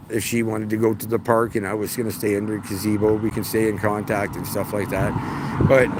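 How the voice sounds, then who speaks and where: A man in his forties, hosting a casual livestream outdoors beside a city street and telling rambling anecdotes. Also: fairly low pitch. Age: 40s. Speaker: livestream host. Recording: loud street traffic noise.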